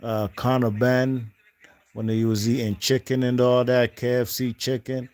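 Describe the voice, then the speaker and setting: A man's voice: medium pitch, level tone, unhurried, a little mellow. A man hosting a boxing channel, giving casual post-fight commentary in a rambling, slangy way with lots of fillers and restarts. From not from the UK.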